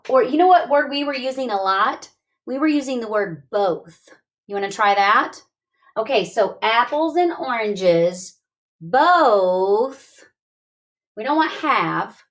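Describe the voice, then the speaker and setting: A woman's voice: medium pitch, fairly bright tone. A woman teaching a reading lesson, talking through examples and coaxing young students with questions. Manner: slow, coaxing, asks questions aloud. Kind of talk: classroom literacy lesson.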